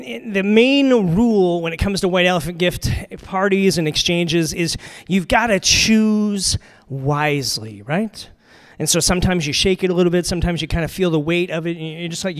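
A man preaching a conversational sermon, asking his listeners questions and swinging from loud, lively storytelling to hushed reflection. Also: high voice, clear, resonant tone. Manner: chatty, asks the audience questions, drifts from loud to hushed. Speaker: pastor.

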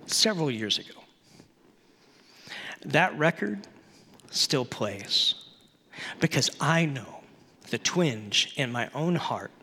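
A middle-aged man preaching a sermon, telling a story from his youth with lively acted-out voices. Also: a little high, big-room sound. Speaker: pastor.

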